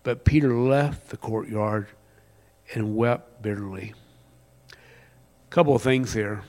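A man preaching a sermon, rising to loud emphatic passages and dropping to a near whisper. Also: on the low side, slow. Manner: reads scripture with plain conversational paraphrase. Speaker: pastor.

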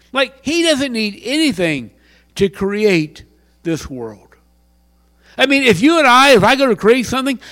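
A man preaching a sermon into a handheld mic in a church hall, dropping to near whispers and then rising to loud exclamations. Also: extremely high pitch. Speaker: pastor.

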